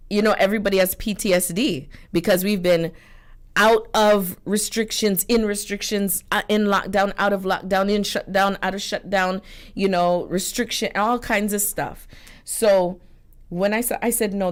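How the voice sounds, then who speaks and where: Woman, radio co-host, chatty storytelling, indignant, laughing. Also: medium pitch. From Canada. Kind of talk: casual radio commentary. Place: radio studio.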